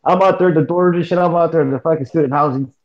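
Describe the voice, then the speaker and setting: A man's voice: fairly high pitch, rapid-fire, darkish tone, muffled recording. A man, a student, talking in a laid-back, slangy way in casual chat.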